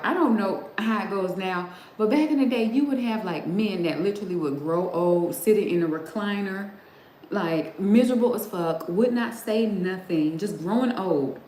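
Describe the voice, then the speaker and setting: Speaking at a medium pitch with a darkish tone, this middle-aged livestream host talks casually and straight to her audience, breaking into frequent laughter. There's a roomy quality to the audio and a little background noise.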